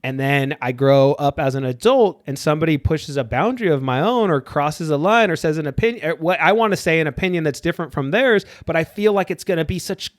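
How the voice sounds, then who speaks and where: A man's voice: a little high, a little fast, few pauses, no room sound, studio quality. A man on a podcast, a therapist talking casually and animatedly, slipping into voices of people he quotes and swearing now and then. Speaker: therapist guest.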